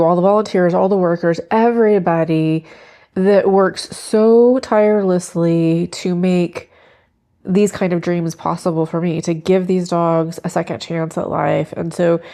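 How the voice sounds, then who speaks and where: A woman's voice: lowish voice, vocal fry, mellow. A woman in her fifties from the Pacific Northwest, chatting casually in her vlog about food, her dog and giving to animal rescue. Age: 50s. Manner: chatty, reflective, tearful at times, baby-talks to her dog. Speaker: lifestyle vlogger. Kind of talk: casual vlog talk to camera.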